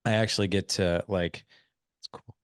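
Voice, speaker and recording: A man's voice: deep voice, steady tone, normal speed, no room sound, studio quality. A man hosting a podcast who tells a rambling, self-deprecating anecdote full of fillers. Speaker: podcast host. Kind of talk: casual storytelling conversation.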